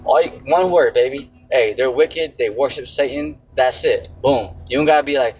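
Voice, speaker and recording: A man's voice: mid-range voice, normal speed, darkish tone, poor audio. A man preaching in a casual, slangy way, often saying "you know" and "see". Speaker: religious teacher. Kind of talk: informal preaching.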